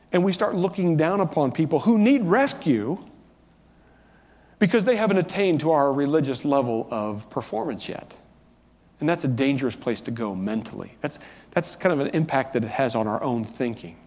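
A man preaching a sermon from the pulpit, with a slightly higher-pitched voice. He talks in a conversational way and rises sharply on the words he stresses. The sound carries the long reverb of a church hall. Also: a little mellow. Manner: conversational preaching, rising for emphasis. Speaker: pastor. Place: church sanctuary.

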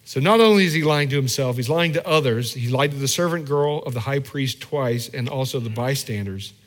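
A man's voice: mid-range voice, fairly quick. A male pastor giving a conversational sermon, often restarting and repeating words as he thinks aloud.

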